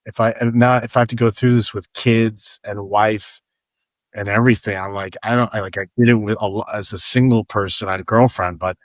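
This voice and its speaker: A man's voice: lowish voice, fairly even intonation, a little fast, no room sound. A man in his fifties, a startup founder telling stories as a podcast guest, rambling and restarting his sentences often. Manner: rambling storyteller, many restarts and repeated words. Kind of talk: casual podcast conversation.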